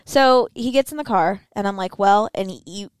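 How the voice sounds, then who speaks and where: A woman's voice: medium pitch, normal speed, smooth, no room sound. A woman co-hosting a podcast, telling a story in a teasing, chatty way and addressing listeners as y'all. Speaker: podcast co-host. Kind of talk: casual chat.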